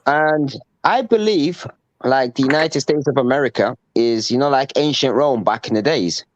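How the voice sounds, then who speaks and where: A man's voice: medium pitch, normal speed, no echo, highs cut off. A man chatting as a guest on a livestream, eager and rambling, repeating "you know" often. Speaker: chat guest. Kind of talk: casual group chat.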